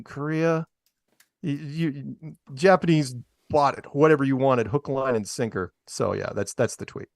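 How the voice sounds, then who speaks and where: Sarcastic man with a lively voice. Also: medium pitch, no room sound, studio quality. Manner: sarcastic, mocking asides with laughs. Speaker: podcast co-host. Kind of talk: casual commentary on news clips.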